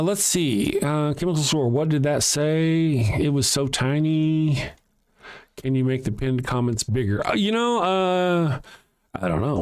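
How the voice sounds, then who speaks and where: A man hosts a livestream on his own, reading viewer comments and firing back with sarcasm and plenty of swearing. His voice sits at an ordinary middle pitch, and he talks in a loose, conversational way into a desk mic. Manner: blunt, sarcastic and profane, argues with chat. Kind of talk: casual livestream rant.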